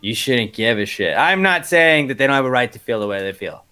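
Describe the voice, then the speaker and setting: A man's voice: medium pitch, animated, a little fast, pushed and bright, smooth. A man co-hosting a podcast, chatting casually with wry jokes and exaggerated rants. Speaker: podcast co-host. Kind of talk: casual chat.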